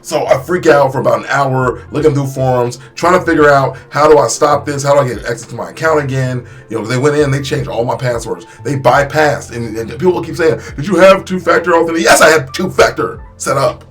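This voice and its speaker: A young man telling his story in a casual vlog, animated and emphatic, with many restarts and repeated phrases. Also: mid-range voice, fairly quick, hardly any pauses, soft background music. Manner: animated, acts out quotes with voice shifts. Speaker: YouTuber.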